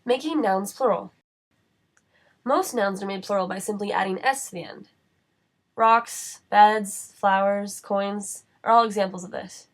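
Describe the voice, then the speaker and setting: Woman reading a spelling lesson. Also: mid-range voice. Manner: measured, reads word lists slowly. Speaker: writing center instructor. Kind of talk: scripted instructional narration.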